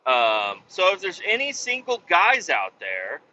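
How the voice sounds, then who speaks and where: A man's voice: high voice, wildly swooping pitch, unhurried, bright, forceful tone, highs cut off, a little hiss or hum. A man casually retelling a work story on a podcast, swearing freely and acting out quoted dialogue. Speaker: podcast host.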